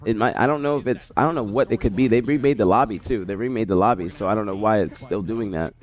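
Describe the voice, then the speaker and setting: A man's voice: fairly low pitch, fast. A man hosting a watch-party stream, chatting loosely and answering his chat by name, his voice congested from a cold. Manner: relaxed, rambling, talks to chat by name. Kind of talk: casual stream chat reading chat messages.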